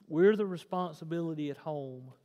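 A man, preaching a sermon to his congregation, dropping to a hush and then rising to loud, emphatic appeals. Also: fairly high pitch, moderate pace. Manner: emphatic preaching that swings between hushed and loud. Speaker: pastor. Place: church sanctuary. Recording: long reverb of a church hall.

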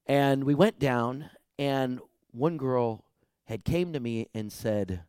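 A male pastor preaching a sermon in animated storytelling, acting out dialogue and swinging from loud to hushed. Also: medium pitch, slow pace, clear, resonant tone, no room sound, studio quality.

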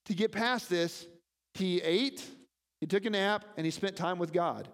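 A man preaching a sermon as pastor, animated and often asking his listeners questions. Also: high-pitched, a little slow, long reverb tail. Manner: animated, asks the congregation questions.

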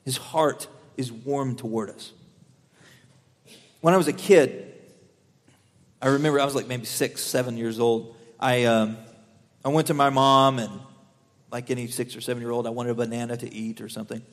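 A young man preaching a sermon, earnest, swelling louder on key lines and dropping softer while telling stories. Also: mid-range voice, steady tone, normal speed, pauses often. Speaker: pastor. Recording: long hall reverb.

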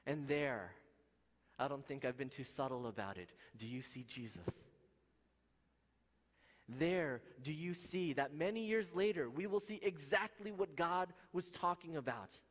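A fairly high-voiced man delivering an impassioned sermon, rising to loud peaks and dropping to near-hushed passages. His voice rings out with a long reverb trailing behind it, as in a large hall. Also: animated, unhurried. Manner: impassioned, swings from loud highs to hushed lows. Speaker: preacher.

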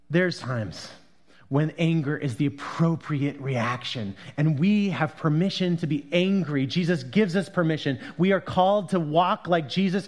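Man preaching, high and animated. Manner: conversational preaching, swinging from loud emphatic to quiet and hushed. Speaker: pastor. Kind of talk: sermon.

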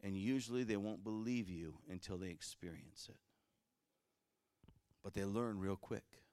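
A man preaching a sermon as pastor, swinging from loud fervent passages to quiet conversational ones. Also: lowish voice, measured pace, dry recording, studio quality.

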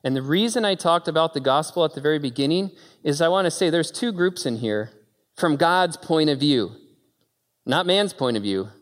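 A man preaching a sermon, moving between quiet storytelling and loud, high-pitched exclaiming. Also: expressive, moderate pace, long reverb tail. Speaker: pastor.

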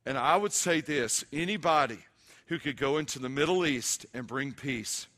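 Bright, emphatic preaching man. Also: mid-range voice, normal speed. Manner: animated, emphatic preaching with humor. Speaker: pastor. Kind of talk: sermon.

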